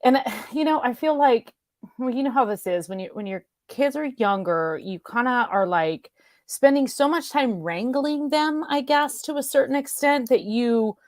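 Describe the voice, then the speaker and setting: A woman's voice: high voice, normal speed, no room sound, studio quality. A woman, an author guest, talking reflectively in casual conversation.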